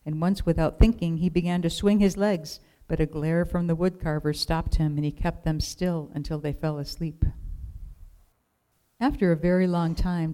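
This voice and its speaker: Woman reading a kids story aloud, lowish mellow voice, calm and measured. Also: low-quality recording.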